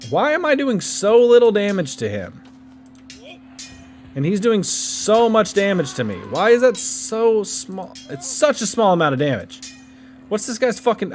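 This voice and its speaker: A man casually commentating his own gameplay, joking and reacting playfully. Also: high voice. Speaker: gaming YouTuber. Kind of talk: casual let's-play commentary.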